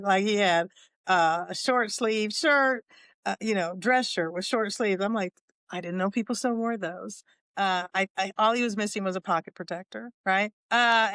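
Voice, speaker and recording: A woman's voice: mid-range voice, a bit bright, no room sound. A woman in her sixties hosting a podcast, telling a dating story in a humorous, candid way, with chatty asides and frequent laughter. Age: 60s. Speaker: podcast host.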